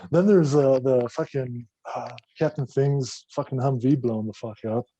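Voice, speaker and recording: Veteran guy swearing his way through a war story, mellow low-key tone. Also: normal speed, breathy edge, no room sound, muffled recording. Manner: profane, animated war-story telling. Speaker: podcast guest, army veteran. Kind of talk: casual storytelling.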